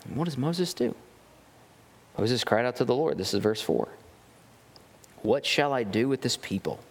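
A male pastor preaching a sermon, reading scripture and acting out quoted voices with big swings in pitch. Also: expressive, normal speed. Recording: long hall reverb.

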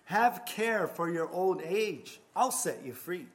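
A man's voice: high voice, lively intonation, slow pace, pitched above the performer's own voice. A man voicing a stern, threatening Roman judge, raising his voice insistently within a sermon story.

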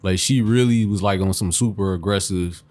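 A man's voice: low-pitched, moderate pace, darkish tone. A man telling a story on a casual podcast, laughing and swearing freely. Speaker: podcast co-host.

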